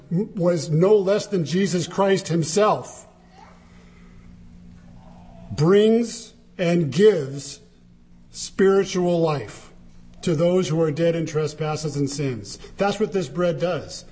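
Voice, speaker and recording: A man delivers a sermon in an emphatic, dramatic way. His voice sits high for a man and swings widely in pitch, rising sharply whenever he quotes. It moves between soaring lines and low, quieter phrases. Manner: animated, emphatic, dramatic shifts in pitch when quoting. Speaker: preacher.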